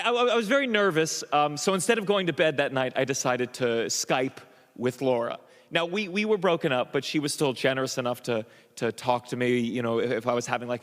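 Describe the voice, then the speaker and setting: A man doing a stand-up comedy set, telling an animated story full of stammers and restarts, acting out the voices of the people in it. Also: on the high side, in a large hall. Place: comedy club stage. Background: audience laughter.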